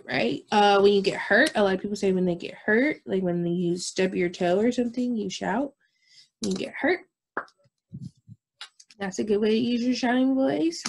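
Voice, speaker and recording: A woman's voice: medium pitch, vocal fry, slight background noise. A woman music teacher, talking young children through a recorded lesson and checking in with them often. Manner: slow, patient, repeats herself and checks with "okay?"; demonstrates whispering and shouting voices.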